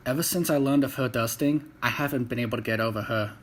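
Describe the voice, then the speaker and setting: A man's voice: mid-range voice, quick pace, lightly acted. A man voicing a formal, grieving male warrior in his own plain voice. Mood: solemn.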